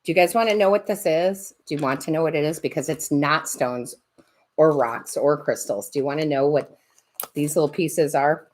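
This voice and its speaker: A woman's voice: low voice, normal speed, darkish tone. A woman hosting a live tarot stream, chatting casually, laughing often and greeting viewers by name.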